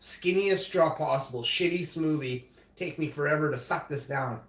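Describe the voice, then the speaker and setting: A man's voice: fairly high pitch, moderate pace, fairly bright tone. A man live streaming from his home kitchen, swearing heavily in an indignant casual rant. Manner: profane, ranting, indignant. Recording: roomy echoey room sound.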